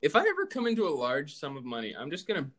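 A man's voice: on the high side, huge pitch swings, quick pace, a loud crowd. A man hosting a casual podcast, joking and rambling. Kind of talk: casual chat.

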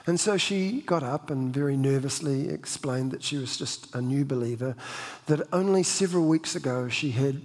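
A man preaching in a relaxed, storytelling manner, often restarting his sentences and poking fun at himself. His voice has a husky, slightly rough edge. The sound carries a long reverb, as if recorded in a church hall. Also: mid-range voice, normal speed. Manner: conversational, self-deprecating humor; many restarts and repeated words. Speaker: pastor. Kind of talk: storytelling sermon.

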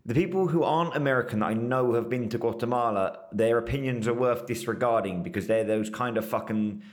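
A man's voice: mid-range voice, brisk. A man in casual chat, blunt and sardonic, swearing often.

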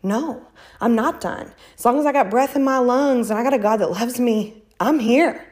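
A woman's voice: on the high side, normal speed, darkish tone. Emphatic, out-of-breath woman guest. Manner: emphatic, faith-filled, acts out quoted voices. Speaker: interview guest. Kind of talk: casual conversational interview.

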